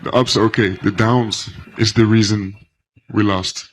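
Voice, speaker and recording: A man speaking as an athlete at a press conference, halting and restarting his words. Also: lowish voice, steady tone, low-quality recording.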